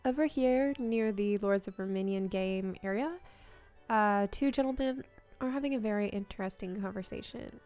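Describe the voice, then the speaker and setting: A woman streamer giving unscripted, wry and playful commentary while touring a game world, cracking deadpan jokes. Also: mid-range voice, moderate pace, faint music behind.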